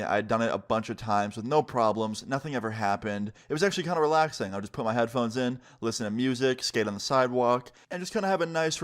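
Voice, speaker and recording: A man's voice: on the low side, clear, resonant tone. A man telling a personal story in a casual, earnest way, with lots of "like" and "right?". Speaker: storytime vlogger.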